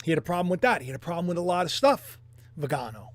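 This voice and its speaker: A man's voice: sits high, big pitch swings, rapid-fire, no echo. A man hosting his own online commentary show, rambling in a casual, jokey way and often repeating himself. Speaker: YouTube commentary host.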